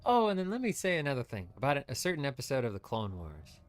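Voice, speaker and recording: A man's voice: medium pitch, huge pitch swings, fast, soft background music. A man streaming gameplay, ranting with strong opinions in loose, rambling commentary. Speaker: VTuber streamer.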